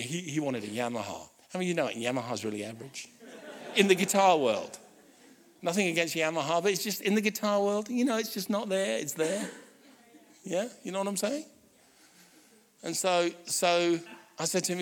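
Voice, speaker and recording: A man's voice: on the high side, brisk. Middle-aged male pastor telling a story. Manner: animated personal storytelling with frequent restarts and audience asides. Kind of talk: sermon storytelling.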